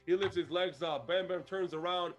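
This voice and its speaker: A man co-hosting a podcast who retells a show in animated, casual chat and laughs often. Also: high-pitched, normal speed. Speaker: podcast co-host.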